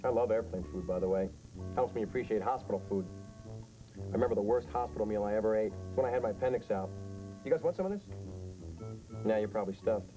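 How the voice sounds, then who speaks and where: A man's voice: fairly low pitch, fast, long pauses, over music, low-quality recording. A man doing wry stand-up comedy, telling jokes and playing a father in a sketch.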